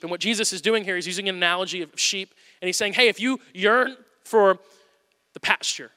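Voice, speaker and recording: Bright-voiced male pastor in a reverberant hall. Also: sits high, fairly quick. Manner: animated storytelling, swinging from loud to hushed. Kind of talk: sermon.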